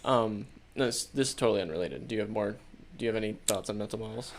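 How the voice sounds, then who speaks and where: A man's voice: lowish voice, quick pace, slight background noise. A young man guesting on a podcast, laid-back and joking in casual chat.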